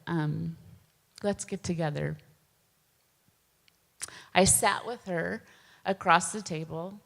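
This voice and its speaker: Woman, middle-aged, unhurried earnest testimony, slightly low voice, long hall echo. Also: creaky. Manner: slow, gentle and earnest, with soft pauses. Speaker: speaker sharing a personal testimony. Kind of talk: personal testimony talk.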